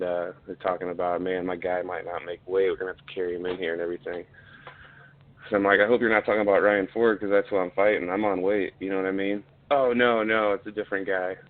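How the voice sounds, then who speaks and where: A man telling a story in a casual, blunt way, swearing often and getting heated. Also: low-pitched. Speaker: podcast guest, fighter. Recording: tinny phone-like line.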